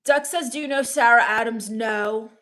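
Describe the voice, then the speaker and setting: Deadpan sulky woman, slightly high voice. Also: normal speed. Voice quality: deadpan, sulky, sarcastic complaining. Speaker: comedic livestreamer reading chat. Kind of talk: in-character comedy livestream.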